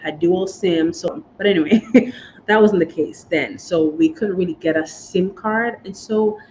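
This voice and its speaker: A woman's voice: lowish voice, measured pace, darkish tone. A woman vlogger telling a personal story in a chatty, emotional way, choking up and speaking to her viewers as y'all. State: choked up with emotion. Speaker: vlogger sharing moving-abroad experiences. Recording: slightly dull, faint background hiss.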